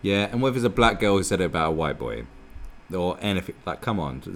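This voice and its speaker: A man's voice: low voice, quick pace, a little hiss or hum. A man giving crude, mocking commentary on a video clip. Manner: animated, sweary, mocking. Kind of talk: profane reaction commentary.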